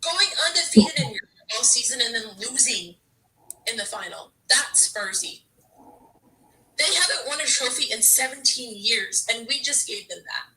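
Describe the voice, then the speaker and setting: A woman's voice: on the high side, lively intonation, moderate pace, bright, forceful tone, distant mic, a little hiss or hum, rough recording. A woman football fan ranting to camera in a frustrated, exasperated way, stammering and restarting her sentences. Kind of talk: emotional fan rant to camera.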